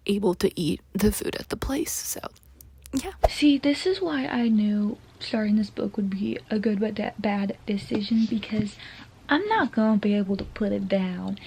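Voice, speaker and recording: A woman's voice: medium pitch, darkish tone, slightly rough. A young woman chatting casually about books at home, gushing and saying "like" a lot. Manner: chatty, gushing, says "like" often. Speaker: book vlogger. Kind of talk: casual chat. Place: home, during a storm. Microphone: phone or camera mic, clip-on mics dead.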